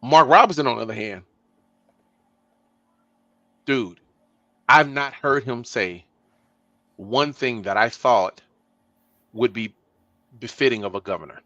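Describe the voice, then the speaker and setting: A man in the middle of his range hosts a casual political chat, his delivery emphatic and animated. The sound is dry and slightly dull, like a small untreated room mic. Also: medium pitch, slow, long pauses, dry recording. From Texas. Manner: animated, emphatic, rising to loud bursts. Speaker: podcast host.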